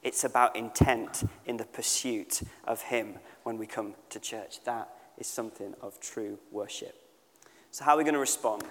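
A man giving a sermon at a church service, talking in an earnest, conversational way and slowing down to stress key points. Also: mid-range voice, a bit bright, big-room sound. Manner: conversational and earnest, slows down for emphasis. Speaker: church speaker. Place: church service with a live band.

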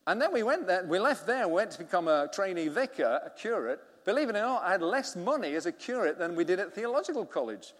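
A man's voice: sits high, big pitch swings, fast, few pauses. A middle-aged man, preaching a sermon as a vicar and telling a story with acted-out dialogue. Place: church hall. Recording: long reverb of a church hall.

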